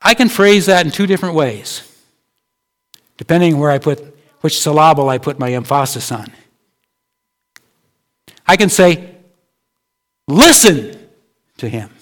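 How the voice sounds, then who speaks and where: A man's voice: on the high side, a little slow, long pauses. A male pastor preaching a sermon in a conversational way, asking his listeners rhetorical questions.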